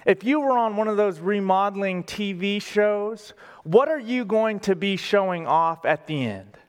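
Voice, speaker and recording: High-voiced pastor preaching in a reverberant hall. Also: male voice, expressive, clean tone. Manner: deliberate, emphatic, asks the congregation questions. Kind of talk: sermon. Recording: long reverb of a large hall.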